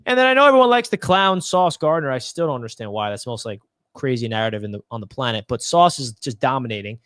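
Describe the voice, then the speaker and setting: A man's voice: mid-range voice, lively intonation, fast talker, a bit bright, smooth, dry recording, clean studio sound. A man on a casual podcast panel, giving confident, emphatic football analysis. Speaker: Jets fan panelist.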